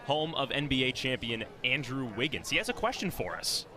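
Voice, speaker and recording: A man doing relaxed color commentary at a baseball broadcast, reading listener emails aloud and joking with his partner. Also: mid-range voice, fairly quick. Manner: relaxed, joking, laughs easily. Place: outdoor ballpark broadcast booth. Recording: outdoor ballpark crowd behind. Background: ballpark crowd.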